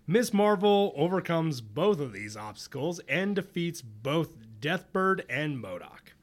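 A man's voice: on the high side, unhurried. A man co-hosting a casual comic-book podcast, retelling stories with jokes, laughs and mocking asides. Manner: animated, jokey, laughs often, mocks characters in put-on voices. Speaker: podcast co-host. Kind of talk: casual chat recapping comics.

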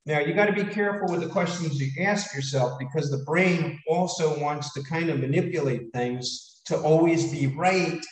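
Animated man speaking in an echoey room. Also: fairly high pitch, normal speed, hardly any pauses, recorded from a distance. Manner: animated, lively delivery with frequent fillers. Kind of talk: motivational talk to an audience.

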